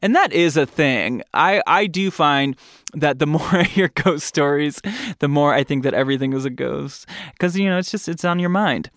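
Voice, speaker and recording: A fairly high-voiced man hosts a podcast in a campy, gossipy tone, his voice leaping up into bright squeals. The sound is close and dry, with no room around it. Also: normal speed, dry recording. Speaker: podcast host. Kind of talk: casual podcast monologue.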